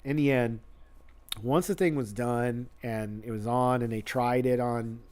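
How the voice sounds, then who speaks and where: A man's voice: medium pitch, unhurried, darkish tone. A man, a guest, telling a casual anecdote in a rambling way, full of fillers and acted-out quotes. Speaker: guest creature mask maker.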